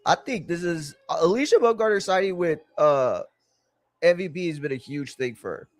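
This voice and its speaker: A man's voice: fairly high pitch, animated, normal speed, no echo. Slangy, rambling male stream host. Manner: rambling storyteller, slangy, says "bro" a lot. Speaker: livestream watch-along host. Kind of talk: casual live-stream chat.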